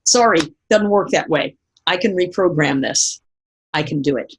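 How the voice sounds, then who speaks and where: A middle-aged woman speaker giving a motivational seminar talk, telling lively stories and asking the audience direct questions. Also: lowish voice, moderate pace, slight background noise. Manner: animated storytelling, acting out remembered voices.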